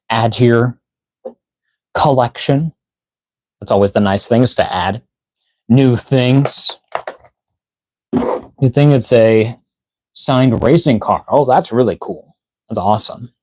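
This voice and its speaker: A tired man chatting through a toy unboxing live stream. He rambles, trails off and leans on fillers, sounding short of breath at times. His mid-pitched voice sits close to the mic in a dry, dead room. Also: animated, takes it slowly, pauses often, a little mellow, no room sound. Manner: rambling, filler-heavy, reads chat aloud. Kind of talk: casual live stream chat.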